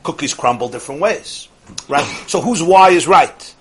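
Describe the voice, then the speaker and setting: A higher-voiced male religious teacher. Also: animated, moderate pace, low-quality recording. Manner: rhetorical questions, acts out quoted speakers; sprinkles in Yiddish and Hebrew words. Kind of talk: lively religious lecture.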